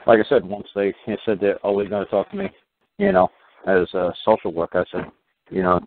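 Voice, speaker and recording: A man's voice: fairly low pitch, very animated, fairly quick, gravelly, slight background noise. A man talking at length in a rambling, casual way, full of fillers and repeated words. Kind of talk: casual rambling call-in talk. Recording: tinny phone line.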